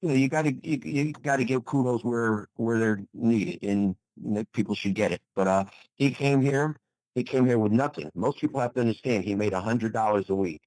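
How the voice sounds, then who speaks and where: A retired professional bodybuilder from the USA, an older man, speaks fairly quickly with a medium-pitched, slightly mellow voice as an interview guest. He's enthusiastic and motivational, repeating phrases to stress points. The recording is dry and of poor quality.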